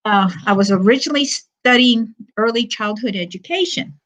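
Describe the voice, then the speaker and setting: An older woman telling a personal story on a live stream, halting, with pauses and fillers and quoted dialogue. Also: a little high, fairly bright tone. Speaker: panel guest sharing her story. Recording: muffled lo-fi stream audio.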